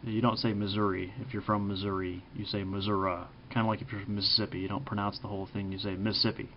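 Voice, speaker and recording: Halting casual man from Kansas, lo-fi. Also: lowish voice, little pitch movement. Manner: halting, frequent ums and uhs, self-correcting. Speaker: vlogger ranking TV preppers. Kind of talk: casual spoken commentary.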